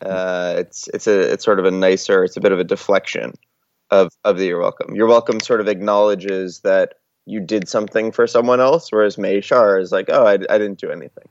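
A man with a very low voice who explains word usage thoughtfully, stopping now and then to find his words. The recording is dry and a bit dull and lo-fi. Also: fairly even intonation, a little fast, dry recording. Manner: thoughtful, with hesitations. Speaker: podcast guest, Chinese learner. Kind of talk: casual explanation.

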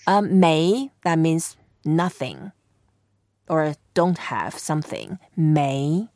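A woman's voice: low-pitched, very animated, a little mellow, no echo. Chinese accented lady teaching a phrase a day on a podcast, patient and repetitive, dry studio sound. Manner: teacherly, repeats phrases slowly, laughs easily. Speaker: Chinese language podcast host. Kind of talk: language lesson podcast.

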